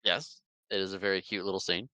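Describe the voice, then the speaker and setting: Man, podcast co-host, lowish smooth bright voice, casual chat, repeats words, dry close sound. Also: little pitch movement, fast. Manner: repeats words as he restarts, chuckles along. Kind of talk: casual movie recap chat.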